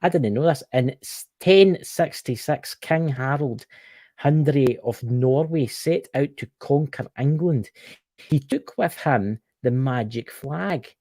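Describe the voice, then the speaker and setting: A man's voice: medium pitch, slow, dark tone, no echo. A Scottish man co-hosting a casual live stream, reading history aloud with stumbles and jokey mock outrage. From Scotland.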